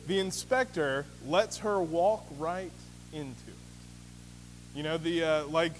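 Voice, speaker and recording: A man's voice: fairly high pitch, unhurried. A man preaching a sermon as pastor, in a conversational storytelling manner with many fillers. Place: church sanctuary. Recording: reverberant hall with faint hum.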